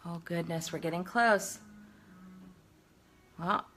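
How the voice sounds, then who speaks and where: Middle-aged lady w a low voice chatting thru her makeup, faint music behind. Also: unhurried, vocal fry, pauses often, fairly bright tone. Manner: chatty, self-deprecating, talks while working. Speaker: makeup vlogger. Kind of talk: casual makeup tutorial chat.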